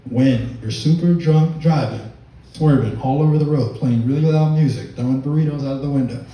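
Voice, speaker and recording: A man's voice: mid-range voice, mellow, a little hiss or hum. A man telling a stand-up comedy story, rambling with fillers and laughing through his lines. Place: comedy club stage with audience laughter. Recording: echoey room, mic far off.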